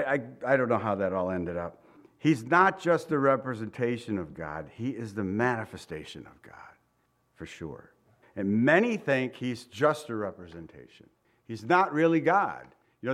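A man preaching a Bible teaching in a loose, conversational way, chuckling and acting out the people he quotes. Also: mid-range voice. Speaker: pastor. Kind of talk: sermon teaching.

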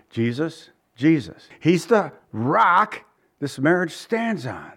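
A man delivers a sermon from the pulpit in an earnest, conversational way. His voice sits a little high for a man, and it rises when he pleads with his listeners. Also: very animated, moderate pace. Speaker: pastor. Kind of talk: expository sermon.

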